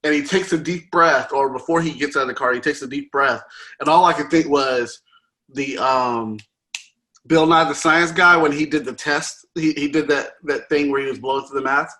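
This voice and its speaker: Bright-voiced man chatting casually. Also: a little high, normal speed. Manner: rambling, with many fillers and restarts. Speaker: podcast host. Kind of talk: casual movie review chat.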